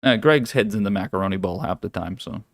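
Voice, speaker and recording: A man's voice: on the low side, expressive, fast talker, no echo. A man hosting a live trading stream from his home office, chatting casually with viewers, swearing freely, laughing often and teasing the chat.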